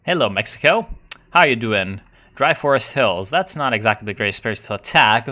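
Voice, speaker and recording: A man giving casual commentary while playing a strategy game, excitable and profane, full of ironic meme slang. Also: mid-range voice, normal speed.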